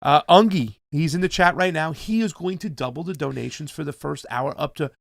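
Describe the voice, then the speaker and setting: Man, livestream host, fairly high voice, dry close sound, hyped and chatty. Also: a little fast, vocal fry, no room sound. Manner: hyped, reads donor names, calls viewers fam. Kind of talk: casual livestream chat.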